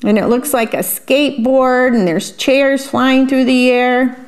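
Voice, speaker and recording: A woman reading a picture book aloud and pausing to describe the pictures in a chatty aside. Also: sits high, steady tone. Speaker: storyteller.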